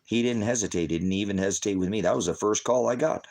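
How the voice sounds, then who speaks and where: A middle-aged man ranting angrily on a livestream as a father, cursing heavily and swinging from shouting to quiet. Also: on the low side, fast talker. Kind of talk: angry livestream rant.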